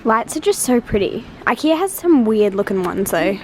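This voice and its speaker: A woman's voice: medium pitch, animated, normal speed, hardly any pauses. Young woman vlogger, casual and chatty, handheld camera, noisy background. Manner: chatty, says "like" a lot. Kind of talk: casual vlog chat. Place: bedroom at home, then a furniture store. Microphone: camera on a tripod, then handheld.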